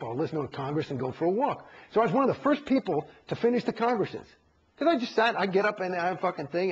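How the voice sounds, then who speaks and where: A middle-aged man with a husky, fairly high voice, swearing freely as he tells his story. He lurches between loud outbursts and low mutters and acts out the voices of other people. The recording sounds dull and lo-fi. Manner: profane, animated, acts out quotes. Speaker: interview guest. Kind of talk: candid interview storytelling.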